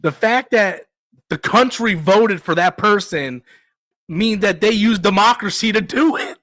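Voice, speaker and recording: A man's voice: high voice, a little slow, a bit bright, dry recording, clean studio sound. A man hosting a casual live chat, blunt and slangy, laughing often. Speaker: livestream host.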